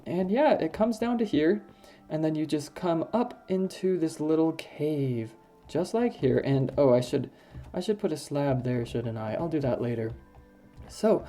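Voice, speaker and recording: Chatty young woman narrating gameplay. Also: mellow. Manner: chatty, rambling, with sudden high-pitched exclamations. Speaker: gaming video host. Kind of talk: casual gameplay commentary.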